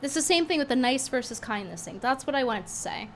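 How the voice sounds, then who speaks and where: Flaring up indignantly and growing a little hoarse, a female streamer gives sarcastic, animated casual commentary. Her voice sits high, expressive and somewhat bright, and she talks at a quick pace amid slight background noise.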